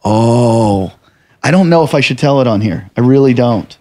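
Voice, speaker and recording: A man's voice: medium pitch, expressive, moderate pace, mellow. A man, a comedian and podcast host, telling stories in a casual chat and acting out other people's lines with big swings of voice.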